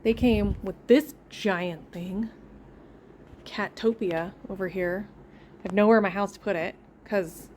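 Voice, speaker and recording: A woman's voice: mid-range voice, a little hiss or hum. A woman chatting casually in a home vlog, rambling and easily sidetracked. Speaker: homesteading vlogger. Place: indoors at home.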